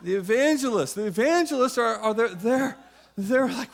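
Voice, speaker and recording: Brief: male preacher with a very high voice, joking, punchy, repeats key lines. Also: expressive, normal speed. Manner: emphatic and humorous, with many repetitions. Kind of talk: sermon.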